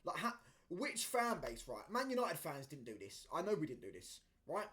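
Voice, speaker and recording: A man's voice: a little high, huge pitch swings, moderate pace, a bit bright. A man, hosting a football talk show and ranting casually, with plenty of fillers, restarts and heated outbursts. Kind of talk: casual opinion rant.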